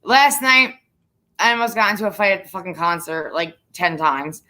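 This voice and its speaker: A woman's voice: medium pitch, expressive, moderate pace, pushed and bright. A young woman hosting a casual chat, telling stories bluntly with plenty of swearing. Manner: profane, blunt storytelling. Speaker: podcast host.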